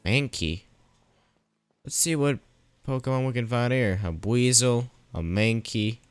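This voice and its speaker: In a mid-range, clean voice, a gameplayer narrates unhurriedly on a dry recording with faint music behind. He gives casual let's-play commentary, thinking aloud and teasing the characters as he goes.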